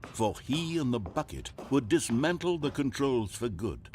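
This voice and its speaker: A man's voice: medium pitch, big pitch swings, a little slow, darkish tone. A man playing a wry, all-knowing storyteller narrator in a video game, with a dry, mock-dramatic delivery. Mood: narrating. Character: wry omniscient adult male storyteller narrator.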